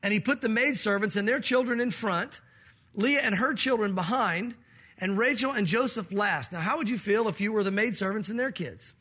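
A male pastor preaching with a high, husky voice. He walks through the scripture and now and then acts out the quoted voices of the people in the story. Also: moderate pace, pushed and bright. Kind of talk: sermon.

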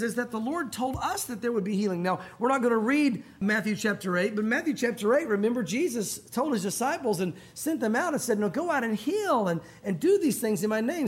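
Male pastor, high voice, sermon in church, chatty retelling of scripture. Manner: conversational, acts out biblical dialogue in casual modern speech. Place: church sanctuary.

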